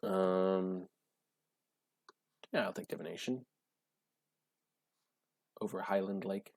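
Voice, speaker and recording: Excitable gravelly-voiced man commenting on gameplay. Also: takes it slowly, no room sound. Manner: gushing, bursts into high excited shouts. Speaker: card game drafting streamer.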